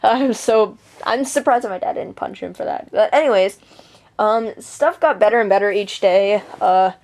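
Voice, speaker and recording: A woman's voice: mid-range voice, darkish tone. A teenage girl venting a personal story to camera, indignant and swearing freely, with lots of fillers and restarts. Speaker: vlogger.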